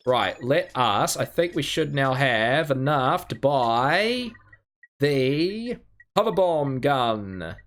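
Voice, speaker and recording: A man streaming himself playing a game, rambling casually and chuckling as he reads chat. His pitch sits mid-range, with faint game music underneath. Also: big pitch swings, unhurried, a bit bright. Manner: rambling, chuckling, frequent ums. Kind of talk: casual live gameplay commentary.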